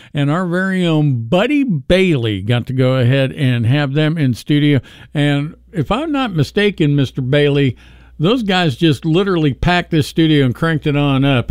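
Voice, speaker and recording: A man's voice: fairly high pitch, lively intonation, normal speed, darkish tone, smooth, no echo, clean studio sound. A man, a radio host in casual on-air chat, chatty and upbeat.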